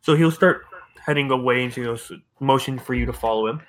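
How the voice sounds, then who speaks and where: A man's voice: medium pitch, fairly quick, a bit bright, slight background noise. A man narrating a tabletop game as game master in a casual, loose way, adding spoken sound effects.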